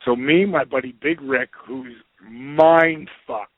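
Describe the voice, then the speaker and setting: A man's voice: mid-range voice, slow, no room sound. Man telling a story over a tinny line. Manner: animated, profane, acts out quoted voices. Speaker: podcast guest. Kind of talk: casual anecdote storytelling. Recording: tinny phone-like line, dry.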